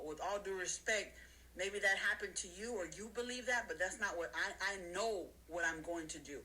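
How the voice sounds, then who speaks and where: A woman giving a casual motivational talk to her audience, counting off her points and acting out other people's voices in high squeals. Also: moderate pace, pushed and bright, rough recording. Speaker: motivational speaker.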